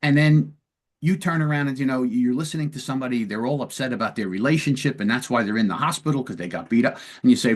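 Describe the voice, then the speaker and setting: A man's voice: mid-range voice, fast talker. A man hosting a long-form interview, explaining de-escalation techniques in a conversational way and acting out short example dialogues. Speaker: podcast host and police lieutenant.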